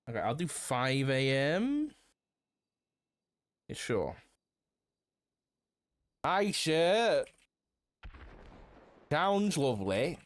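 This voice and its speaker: A young man talks his way through a game stream in a loose, offhand way, muttering to himself and tossing in the odd curse. His pitch bounces around a lot as he goes. The sound is close and dry, with no room around it. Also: no echo. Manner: chatty, swearing, laughing, thinking aloud. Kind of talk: casual gameplay chat.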